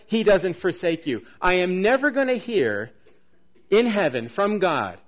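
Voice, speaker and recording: Man preaching, middle-aged, slightly high voice, surges loud then drops quiet. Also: sing-song, unhurried. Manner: dynamic preaching, rising to near-shouts then dropping soft. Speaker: pastor. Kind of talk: sermon.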